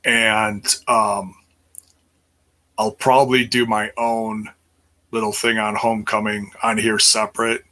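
Casual livestream host, middle-aged man, crisp bright voice, loose and rambling delivery. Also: fairly low pitch, flat delivery, slow, long pauses. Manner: rambling, many fillers and restarts.

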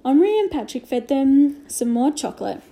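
Mellow woman reading a storybook. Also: high-pitched, lively intonation, normal speed. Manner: gentle storytelling with hushed asides. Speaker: reader. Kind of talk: reading a children's novel aloud.

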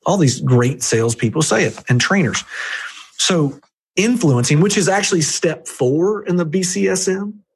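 Male podcast guest, husky voice, punchy coaching delivery with jumpy pitch. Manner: emphatic, jumpy pitch, direct address to listener. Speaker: guest reviewing a book on sales. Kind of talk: energetic coaching talk.

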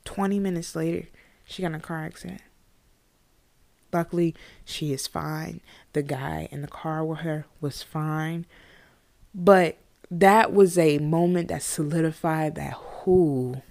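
A woman's voice: low-pitched, a little slow, gravelly. A young woman telling a personal story in a casual, conversational way, acting out the voices of people she quotes. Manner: conversational, animated with quoted voices, frequent "you know what I mean". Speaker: podcast guest or host sharing a personal story.

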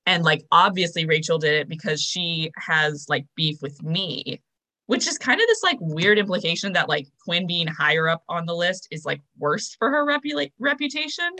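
A woman's voice: fairly low pitch, lively intonation, normal speed, bright, forceful tone. A young woman co-hosting a podcast, casually recapping a TV episode, chatty and full of fillers. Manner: chatty, filler-heavy, storytelling. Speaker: podcast co-host.

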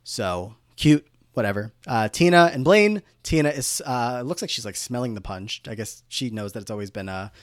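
A man's voice: mid-range voice, lively intonation, normal speed, hardly any pauses, no room sound, clean studio sound. A man co-hosting a podcast, recapping episode events in a loose, filler-heavy way. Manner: rambling plot recap with many fillers. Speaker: podcast co-host. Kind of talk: casual recap chat.

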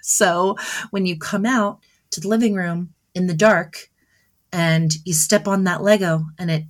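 A chatty woman from Southern New Jersey in her thirties, co-hosting a relaxed podcast chat about motherhood. Her voice sits low for a woman, and she often breaks into laughter while acting out what she says to her kids. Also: measured pace. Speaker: podcast co-host. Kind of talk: casual chat.

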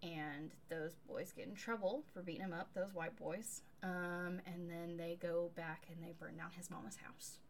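A woman co-hosting a casual book-review podcast, recapping a novel in an animated, sarcastic way and swearing casually. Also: fairly low pitch, moderate pace, hardly any pauses, a little hiss or hum. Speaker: podcast co-host.

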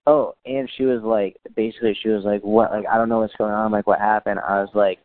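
A man's voice: on the low side, fast, few pauses, dry recording. A man chatting as a guest, telling funny stories with dry humor and acting out what people said. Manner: dry humor, quotes people in lively voices. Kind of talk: casual storytelling chat. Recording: dry phone-like audio.

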